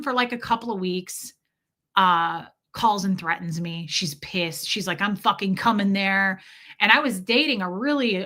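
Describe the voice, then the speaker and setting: A streamer in her thirties tells her live chat a candid personal story in a bright, forceful, medium-pitched voice. She swears freely and answers viewers by name.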